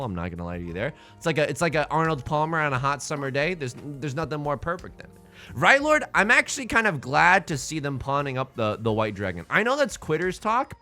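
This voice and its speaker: An excitable young man talks through his game in a bright, lively voice that leaps up and down in pitch. He rambles, repeats himself and pokes fun at his own bad luck. Faint music plays behind him. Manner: excitable, self-deprecating, rambling with repeated words. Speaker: let's play host. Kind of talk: casual gameplay commentary.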